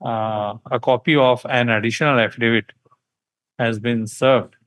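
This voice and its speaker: A man with an Indian English accent, a judge running courtroom proceedings and dictating orders in brisk, curt phrases. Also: medium pitch, steady tone, fairly bright tone, dry recording, low-quality recording.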